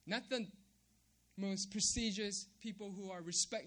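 A man's voice: high voice, measured pace, sharp tone. A man preaching a sermon, emphatic, repeating key phrases and checking in with "right?". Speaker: pastor.

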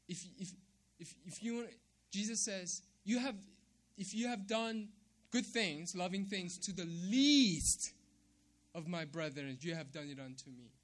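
A man's voice: sits high, expressive, unhurried, a bit bright. A man preaching a sermon, emphatic, repeating key phrases and checking in with "right?". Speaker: pastor.

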